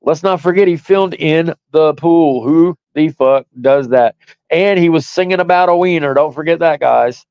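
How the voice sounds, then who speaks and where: A man's voice: fairly high pitch, normal speed, a little mellow, smooth, dry recording, dull audio. A man hosting a stream, delivering a profane, mocking and combative ranting monologue. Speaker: stream host.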